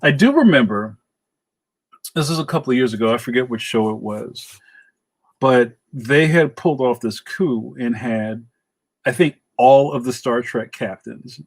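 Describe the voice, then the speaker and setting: A man with a New York accent hosting a casual livestream, chatting and reacting in an animated, slangy way. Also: a little slow, husky. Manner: animated, slangy, jumps up in pitch when excited. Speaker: livestream host. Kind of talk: casual chat reading viewer comments.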